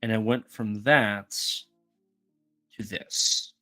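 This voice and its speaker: A man's voice: lowish voice, steady tone, extremely slow, bright, forceful tone, faint music behind. A man co-hosting a podcast in casual chat, explaining at length and restarting phrases. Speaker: podcast co-host.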